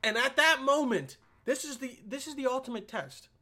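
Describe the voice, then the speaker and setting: A man's voice: very high voice, animated, moderate pace, sharp tone. A young man ranting casually and profanely, stumbling over repeated words and checking "all right?" after every point. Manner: stumbling repetitions.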